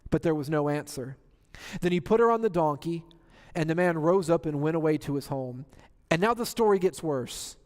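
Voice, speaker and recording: A man's voice: on the high side, animated, normal speed, a little mellow, long reverb tail. A man preaching a sermon, retelling scripture dramatically and asking rhetorical questions. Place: church sanctuary.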